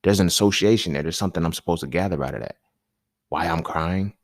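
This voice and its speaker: Deep-voiced man, slangy casual monologue. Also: fast, dry recording, clean studio sound. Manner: emphatic, slangy, repeats points. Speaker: podcast host.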